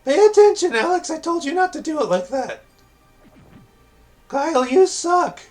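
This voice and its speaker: Shrill bossy little winged creature. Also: male voice, very animated, moderate pace, darkish tone. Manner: shrill, scolding. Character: small winged male cat-dragon creature, bossy. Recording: background game music.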